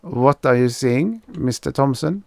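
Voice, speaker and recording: A man's voice: medium pitch, animated, unhurried, vocal fry, no echo, pitched above the performer's own voice. A man voicing a small, formal male psychiatrist with a German accent. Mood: clinical.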